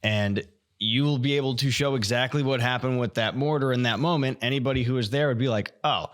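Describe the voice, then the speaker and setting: A man co-hosting a podcast, thoughtfully pitching ideas in casual chat. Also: brisk. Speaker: podcast co-host.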